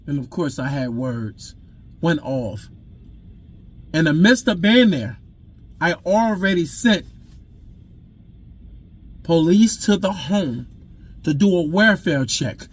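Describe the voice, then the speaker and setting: A father telling his own story in an intense, raw way, repeating himself and swinging between loud outbursts and hushed admissions. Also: on the high side, husky. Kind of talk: emotional personal storytelling to camera.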